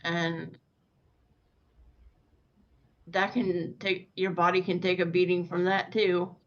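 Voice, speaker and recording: A guest in a casual live-stream chat who talks haltingly and keeps restarting sentences. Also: medium pitch, little pitch movement. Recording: dull lo-fi stream audio.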